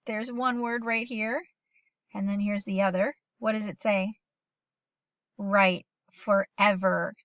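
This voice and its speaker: A middle-aged woman leads a phonics lesson for young children, patient and encouraging as she sounds out words and reads sentences slowly with them. Her voice sits at an ordinary pitch. The recording is dry and a little dull, made at home. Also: fairly even intonation, dry recording. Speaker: teacher.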